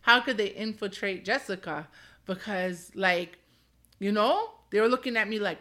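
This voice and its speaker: On her solo podcast, a woman from Canada who seems to be in her thirties talks in a candid, rambling, casual way, laughing a lot and saying "like" often. Her voice is medium in pitch, bright and forceful, and she speaks unhurriedly.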